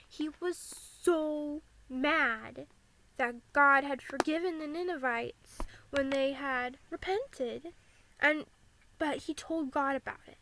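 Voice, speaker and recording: Her voice is high and bright, with a pushed quality, and she talks slowly on a poor-quality recording. This young woman from the United States shares her experience of anxiety in a candid, earnest vlog, using "like" as a frequent filler.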